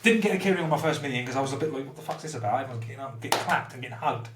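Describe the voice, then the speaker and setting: A man's voice: medium pitch, racing, a bit bright, a little hiss or hum. A man guesting on a podcast, telling his story bluntly and candidly, swearing freely and mocking himself. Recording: roomy, slightly distant mic.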